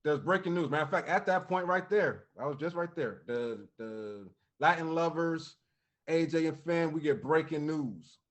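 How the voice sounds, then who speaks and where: A man co-hosting a wrestling podcast, recapping the show in casual, animated chat and acting out quotes. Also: fairly high pitch, moderate pace. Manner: animated storytelling with laughs and quoted voices.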